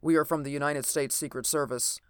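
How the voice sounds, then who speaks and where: A reader voicing a male Secret Service agent who speaks sharply and briskly, recorded dry and close. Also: medium pitch, steady tone, clean tone, dry recording, natural voice. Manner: sharp, terse.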